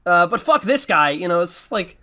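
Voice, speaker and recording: A man's voice: high-pitched, sing-song, fairly quick, bright, forceful tone. A man hosting a casual commentary, talking in a profane, self-mocking, rambling way. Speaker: podcast host. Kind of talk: casual commentary on his old videos.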